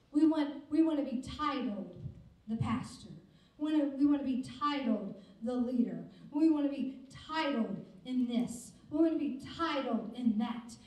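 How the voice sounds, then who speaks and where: Woman pastor, middle-aged, high voice, emphatic repetitive sermon delivery, heavy church-hall echo. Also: a little mellow. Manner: emphatic, repetitive preaching cadence with rhetorical questions. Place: church sanctuary. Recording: echoey church hall from a distant mic.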